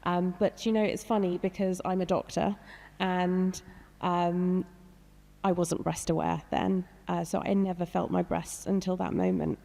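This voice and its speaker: A woman's voice: fairly low pitch, little pitch movement, unhurried, gravelly, mellow. A woman in her thirties, a doctor, speaking hesitantly with many fillers and some emotion on a panel discussion. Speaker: doctor and patient guest. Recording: long hall reverb.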